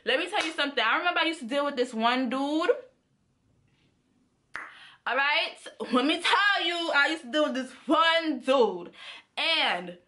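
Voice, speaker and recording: Young woman, vlogger, slangy storytelling, crisp bright tone, slightly high voice. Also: a little slow, long pauses. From Caribbean. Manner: animated, slangy, laughs often. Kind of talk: casual storytime.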